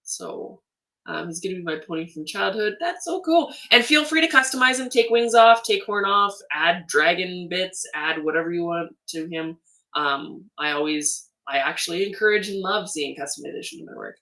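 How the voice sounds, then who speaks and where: A woman's voice: lowish voice, normal speed, far from the mic. Chatty Canadian woman livestream host. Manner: chatty and animated, laughs often, many ums. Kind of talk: casual livestream chat reading comments.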